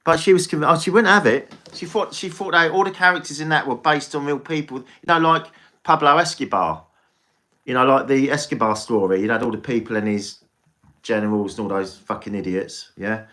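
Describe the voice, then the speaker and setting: A man's voice: mid-range voice, brisk, sharp tone. An English man chatting casually on a live stream as a tarot reader, rambling and swearing freely.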